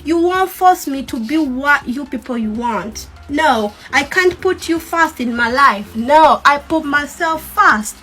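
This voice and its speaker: Defiant tiktok woman, high bright voice, repeats herself, faint music. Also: slow pace, few pauses. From Uganda. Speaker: TikTok creator. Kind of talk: defiant talk to camera.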